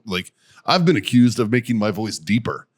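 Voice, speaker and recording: A man with a deep, low voice trades casual banter as a podcast co-host. He swears freely and tells stories with plenty of animation. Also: moderate pace. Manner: profane, animated storyteller.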